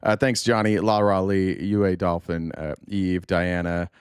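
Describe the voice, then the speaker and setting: Guy streaming, snarky and sweary about clips, lowish voice, dry sound. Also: level tone, measured pace, clear, resonant tone, no echo. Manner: sarcastic, profane, reacting to clips. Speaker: political streamer host. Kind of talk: casual live-stream commentary.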